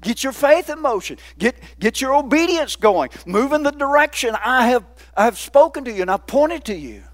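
A preacher voicing God, urgent and commanding. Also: male voice, very high voice, lively intonation, moderate pace, dry recording, pitched above the performer's own voice. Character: God, a commanding male divine voice.

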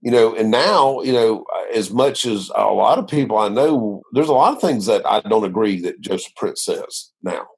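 Husky man telling his testimony. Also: on the low side, expressive, moderate pace, few pauses. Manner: earnest, rambling storytelling with many restarts. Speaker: minister sharing his testimony. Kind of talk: conversational interview.

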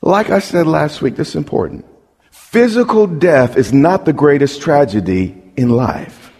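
A man's voice: on the high side, lively intonation, a little slow, vocal fry, darkish tone. A man preaching a sermon as pastor, emphatic, asking the crowd questions and repeating words as he builds a point. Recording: long hall reverb.

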